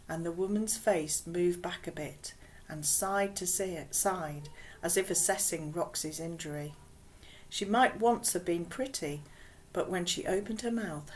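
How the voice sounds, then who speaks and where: A woman reading a children's novel aloud in a calm, unhurried way, now and then dropping to a whisper. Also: on the low side, slight background noise, rough recording. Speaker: audiobook reader.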